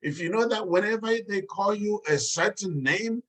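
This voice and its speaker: Man, lecturer on relationships, bright and forward tone, a bit high, deliberate pacing on key points. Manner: measured, slows to stress key points. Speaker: relationship communication teacher. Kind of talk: lecture talk.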